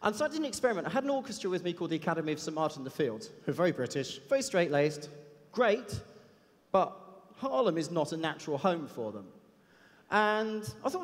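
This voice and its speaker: A man's voice: a little high, sing-song, a little fast. A man giving a chatty, self-deprecating anecdotal talk on a conference stage. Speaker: conference speaker. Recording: long hall reverb.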